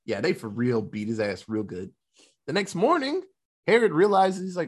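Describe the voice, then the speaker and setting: Male co-host, casual film recap, expressive and husky, slips into character voices. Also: fairly high pitch. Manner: animated storytelling, quick voice switches for characters, laughs often. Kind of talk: casual movie recap chat.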